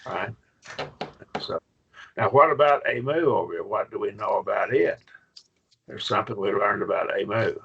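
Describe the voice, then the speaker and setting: A man's voice: on the low side, normal speed, gravelly, long pauses, pushed and bright, lo-fi sound, slight background noise. A man teaching a Greek grammar class online, patient and questioning, with frequent okays.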